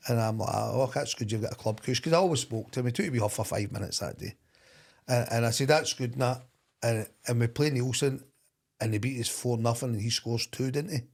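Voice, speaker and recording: A middle-aged Scottish man, a former football manager, telling stories in a lively way with frequent laughs. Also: medium pitch, brisk. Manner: animated, laughing anecdote-teller. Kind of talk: storytelling in podcast chat.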